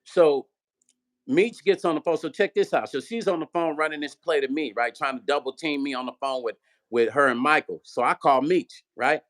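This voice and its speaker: A man's voice: fairly high pitch, moderate pace. A man hosting his own vlog, telling a long story with lots of acted-out dialogue and swearing. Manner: animated storyteller, acts out quoted dialogue, profane. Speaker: vlog host, musician. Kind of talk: storytelling chat.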